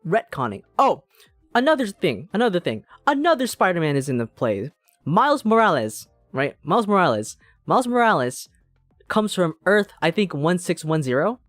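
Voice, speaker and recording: A game streamer chatting casually while playing, rambling through tangents and swearing freely. The voice rises and falls in lively swings. It sits dry and close to the mic, with faint game music behind. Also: medium pitch, normal speed, no echo. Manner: rambling, profane, self-interrupting.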